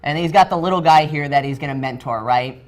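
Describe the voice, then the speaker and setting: A man's voice: a little high, fast talker. A man leading a training session, telling a story freestyle while drawing, loose and chatty with many fillers and restarts.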